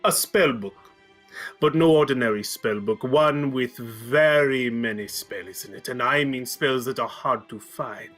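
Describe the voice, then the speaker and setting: A man voicing Wakanga, a smooth, scheming male merchant prince who persuades with stilted phrasing. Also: medium pitch, measured pace, a bit bright, soft background music. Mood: persuasive.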